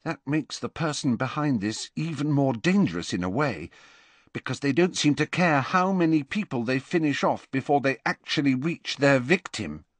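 A man reading aloud and voicing a clever teenage girl who sounds stuffed up with a cold and speaks quietly. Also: mid-range voice, lively intonation, moderate pace, no echo, pitched above the performer's own voice, lightly acted. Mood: quiet, reasoning.

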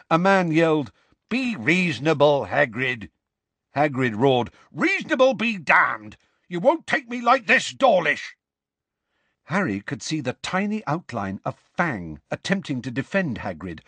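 A man narrating a storybook in an expressive, dramatic reading style. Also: mid-range voice, husky, no echo. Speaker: audiobook narrator.

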